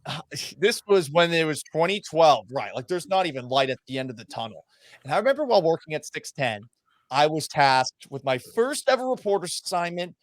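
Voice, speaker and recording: A man who hosts sports radio, telling stories in a casual interview with a self-deprecating, profane, animated manner. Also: a little high, fairly quick, no room sound. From Massachusetts. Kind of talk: casual storytelling in a podcast interview.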